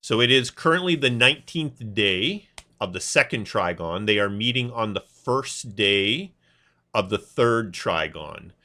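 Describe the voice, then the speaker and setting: A man with a voice on the low side narrates a tabletop game session as its game master. He takes his time, sounding relaxed and hesitant, with plenty of filler words.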